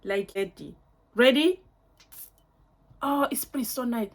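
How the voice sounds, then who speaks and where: A woman's voice: on the high side, slow pace, long pauses. Gushing young woman reviewing perfume. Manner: gushing, effusive, lots of fillers and repeats. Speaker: beauty vlogger. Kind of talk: casual perfume unboxing review.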